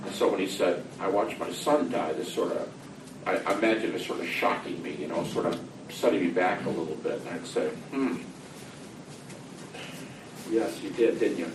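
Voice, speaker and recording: A man's voice: low voice, brisk, reverberant, distant mic, background noise. A middle-aged man speaking earnestly and acting out a dialogue with God. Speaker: speaker recounting personal grief. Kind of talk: reflective talk.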